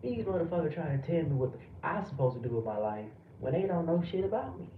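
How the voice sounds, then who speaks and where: Heated and profane, an American streamer fires back at his chat in a slightly high, sing-song voice at a quick pace. The audio is dull lo-fi, sounding distant and roomy with noise in the background.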